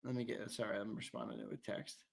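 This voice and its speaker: A man's voice: fairly low pitch, flat delivery, fast talker, gravelly, slightly rough. Brash, profane man hosting a livestream. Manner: brash and profane, with trash talk; reads out and answers the live chat. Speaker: sports show host. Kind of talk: casual livestream chat.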